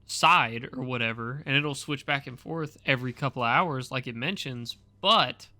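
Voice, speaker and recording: A young man banters on a casual podcast, laid-back and joking. His voice is bright and a little tense, recorded dry and close. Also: medium pitch, normal speed, dry recording. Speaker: podcast co-host. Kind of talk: casual chat.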